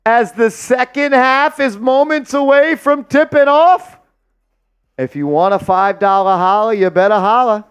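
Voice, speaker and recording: A man hosting a live sports watch-party stream, hyped and loud as he shouts out viewers' donations and calls the game. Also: extremely high pitch, animated, a little slow, clean tone.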